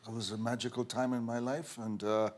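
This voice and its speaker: A man's voice: mid-range voice, brisk. Irish man telling stories on a talk show. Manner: relaxed storytelling with hesitations. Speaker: actor guest.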